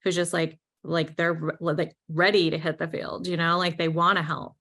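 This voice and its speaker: A woman's voice: on the low side, little pitch movement, moderate pace, fairly bright tone. A woman consultant talking casually on a business podcast, chatty and full of fillers. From New York. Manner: chatty, many "like" and "right?" fillers.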